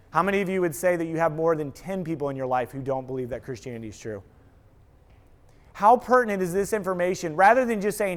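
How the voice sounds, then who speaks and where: A man speaking to a live audience, telling stories and acting out quoted lines in an energetic talk. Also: high-pitched, fast talker. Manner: animated storytelling, acts out quoted voices. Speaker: speaker, apologetics teacher.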